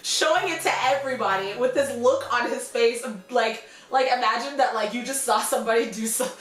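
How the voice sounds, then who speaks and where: A young woman vlogger telling a story casually and animatedly, acting out quotes in high squeals. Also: a little fast, a bit bright, soft background music. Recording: echoey room.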